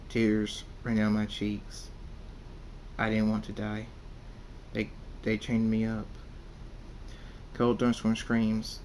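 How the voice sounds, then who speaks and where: A man reading his own fan fiction story aloud in the first person, halting and repeating words. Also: lowish voice, completely flat delivery, a little mellow, slight background noise.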